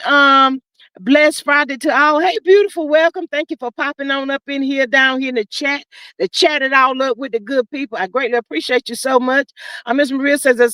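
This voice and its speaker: Lady on a livestream, high voice, sassy and animated, dry close mic. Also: no echo. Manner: animated, sassy, drawn-out commentary with frequent "child" and "honey". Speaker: livestream host reading chat. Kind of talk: casual livestream chat.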